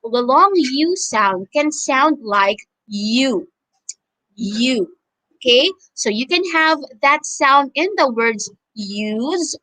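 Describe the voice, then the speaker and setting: In this online phonics lesson, a woman from the Philippines with a Filipino accent elongates and repeats words for learners to copy. Her high-pitched voice is bright and forceful, with lively intonation.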